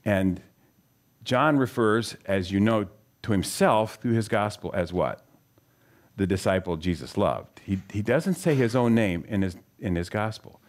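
A middle-aged man with a somewhat low voice gives a conversational Bible teaching. He tells stories from his own life and turns to his listeners with questions, earnest and direct. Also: animated, unhurried. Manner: asks the audience questions, storytelling, earnest. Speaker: speaker teaching scripture.

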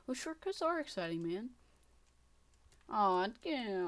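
A woman giving casual, excitable gameplay commentary, talking to herself and running herself down, swinging from muttering to shrieking. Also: medium pitch, slow, pauses often. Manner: self-deprecating, talks to herself. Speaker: gaming channel host.

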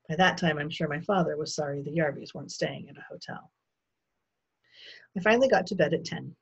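Woman teacher reading aloud, low-pitched and husky, expressive delivery, dull lo-fi recording. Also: a little fast, long pauses. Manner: expressive storytelling. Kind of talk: reading a children's novel aloud.

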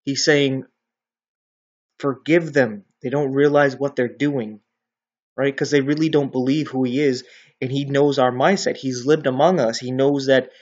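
A man's voice: medium pitch, a little mellow, slightly rough. Casual man explaining scripture, lo-fi. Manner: conversational, often ends with "right?". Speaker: bible teacher. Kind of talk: casual bible teaching.

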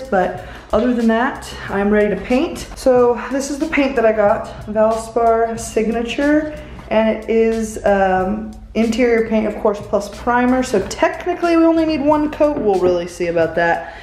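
A young woman vlogs her home room makeover, chatting casually and explaining each step as she works indoors. Her voice is fairly high and a bit mellow, at a normal speed, and the bare room gives the recording an echo.

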